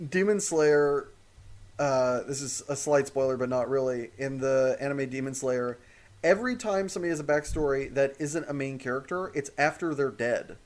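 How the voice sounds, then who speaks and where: A man's voice: medium pitch, normal speed. A man co-hosting a casual podcast chat, talking animatedly and swearing freely as he rants. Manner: animated, profane, rants with laughter. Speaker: podcast co-host.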